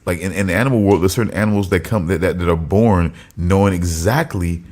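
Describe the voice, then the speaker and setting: A man's voice: low-pitched, fast talker, a little mellow. A man co-hosting a casual podcast chat, laughing a lot and mock-scolding a friend with teasing banter. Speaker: podcast co-host.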